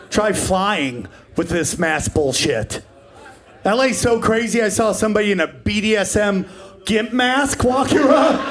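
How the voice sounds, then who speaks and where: A man in his forties performing a stand-up comedy set, brash and profane, riffing with the crowd. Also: high-pitched. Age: 40s.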